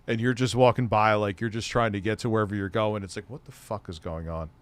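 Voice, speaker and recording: Rambling, foul-mouthed commentary host. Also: male voice, fairly low pitch, steady tone, fast. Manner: profane, rambling, laughs easily. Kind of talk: casual commentary stream.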